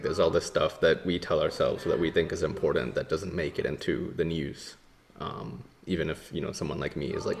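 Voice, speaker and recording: A man who is a journalist and filmmaker, answering a panel question over a video call in a measured, laid-back way. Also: a bass voice, gravelly, slight background noise.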